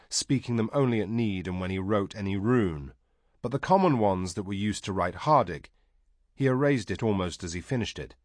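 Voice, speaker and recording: Male audiobook narrator, calm and measured, lowish voice, dry close recording. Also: no echo. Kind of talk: scripted narration.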